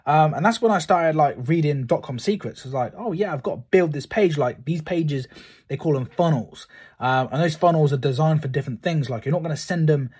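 Husky man, rapid rambling host, lots of "like", slightly higher voice. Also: a little mellow. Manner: rambling, fills talk with "like". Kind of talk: casual chat to camera. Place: room at home lined with books.

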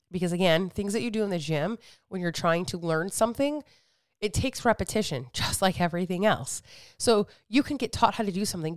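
Candid, smooth-voiced woman podcaster. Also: on the low side, no echo, studio quality. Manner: candid, animated storytelling with frequent swearing and acted-out quotes. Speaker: fitness coach and podcast host. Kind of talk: casual monologue podcast.

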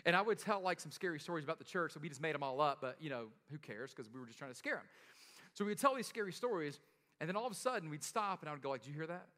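Man preaching, casual and joking, high bright voice, long hall reverb. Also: lively intonation, rapid-fire. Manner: casual, joking storyteller with frequent laughs and "right?". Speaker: pastor. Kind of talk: sermon.

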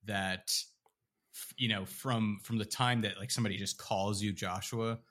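Bright-voiced man rambling in casual chat. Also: fairly low pitch, steady tone, moderate pace. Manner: rambling, laughs often, many fillers and restarts. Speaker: podcast co-host.

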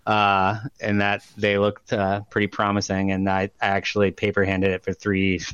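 A man's voice: on the low side, completely flat delivery, moderate pace, fairly bright tone, clear, resonant tone, no room sound, muffled recording. A man co-hosting a casual chat who rambles loosely, swears and laughs often. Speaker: podcast co-host.

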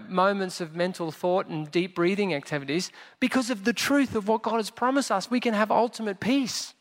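A man preaching a sermon as pastor, animated and jokey, acting out quotes as he goes. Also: high-pitched. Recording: long church hall reverb.

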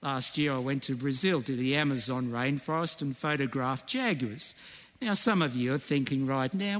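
A man's voice: medium pitch, expressive, moderate pace, fairly bright tone, in a large hall. A man preaching a sermon in a conversational way, often checking in with the congregation. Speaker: pastor.

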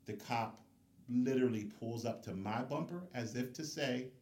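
A man telling a personal story in casual conversation as a podcast guest, animated and acting out the people he quotes. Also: medium pitch, moderate pace, roomy sound. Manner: lively storyteller who acts out the voices of people he quotes.

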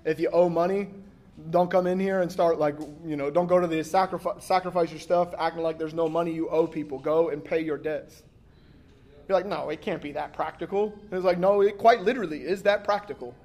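A man with a fairly high voice gives a church sermon in a loose, conversational way. He jokes often and acts out little exchanges of dialogue as he goes. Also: steady tone, fairly quick, darkish tone. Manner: casual, joking delivery with acted-out quotes and frequent 'like'. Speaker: pastor.

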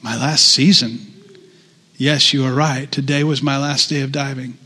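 A man's voice: mid-range voice, steady tone, measured pace, bright, forceful tone, breathy edge, in a large hall. A man voicing an old male pearl diver in a story read aloud during a sermon, speaking plainly and earnestly.

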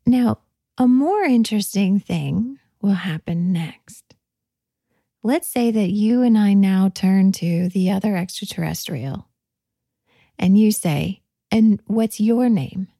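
A woman giving a guided reflective talk, speaking softly and playfully, often dropping to a whisper. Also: mid-range voice, dry recording, clean studio sound. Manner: soft, playful, often drops to a whisper and laughs.

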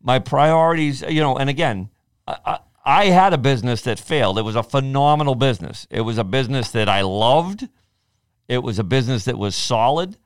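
A man's voice: mid-range voice, brisk, clean tone, dry recording, studio quality. A man in his forties chatting casually, acting out quoted speech as he tells his stories. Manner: animated storyteller, acts out quoted speech. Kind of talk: casual podcast chat.

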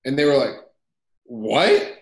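Young man telling lively stories. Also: fairly low pitch, a little slow. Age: young adult. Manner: energetic storyteller, repeats phrases, acts out dialogue. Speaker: guest, coffee company founder. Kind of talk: casual podcast interview. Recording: roomy echo.

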